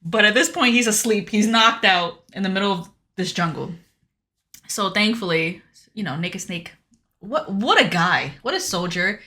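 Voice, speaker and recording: Bright, playful female podcast co-host. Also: medium pitch, expressive, normal speed. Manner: playful, laughs often, dry quips. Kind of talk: casual chat recapping a video game.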